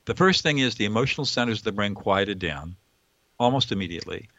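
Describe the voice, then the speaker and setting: A man's voice: on the low side, expressive, fast, fairly bright tone, no room sound, lo-fi sound. A man, a mediator and author, explaining with earnest emphasis in an interview.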